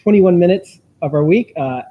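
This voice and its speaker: A man's voice: high-pitched, moderate pace, phone-quality sound. A man hosting a live stream, thanking a guest and signing off with some hesitation. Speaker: host.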